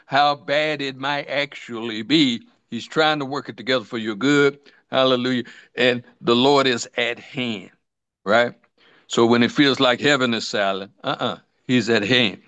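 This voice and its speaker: A man preaching a sermon, fervent, often calling out hallelujah and slowing down to stress scripture. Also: mid-range voice, a bit bright, dry recording. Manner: fervent, repeats hallelujah, stretches scripture words slowly. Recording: dull lo-fi sound.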